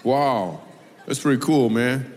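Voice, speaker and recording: A man's voice: mid-range voice, slow pace, darkish tone. Sarcastic male stand-up doing crowd work, live theater sound with reverb. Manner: playful, sarcastic with the audience. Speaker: stand-up comedian. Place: large theater on stage.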